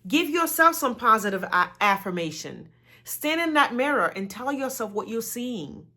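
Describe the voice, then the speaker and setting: A woman's voice: on the high side, big pitch swings, moderate pace, bright, forceful tone. A woman giving a motivational talk, earnest and encouraging, repeating phrases for emphasis. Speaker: motivational speaker.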